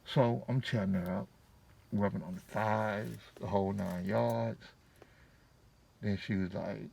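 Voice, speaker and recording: A man's voice: fairly low pitch, steady tone, unhurried, gravelly, pauses often, dark tone. A man telling a casual personal story to his viewers, slangy and profane with a laid-back delivery. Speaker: vlogger.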